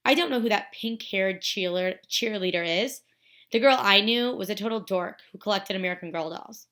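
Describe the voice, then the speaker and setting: A woman's voice: mid-range voice, moderate pace, fairly bright tone, close to an everyday voice. A woman reading aloud and voicing a teenage girl who is defensive and tearful. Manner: tearful, pleading.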